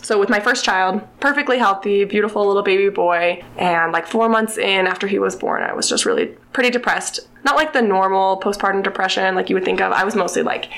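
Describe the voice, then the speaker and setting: Young woman, podcast guest, gravelly fry at the ends of her lines, casual and chatty, sprinkles "like" as she retells a children's book. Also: mid-range voice, a little fast, hardly any pauses, fairly bright tone. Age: young adult. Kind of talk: casual storytelling chat.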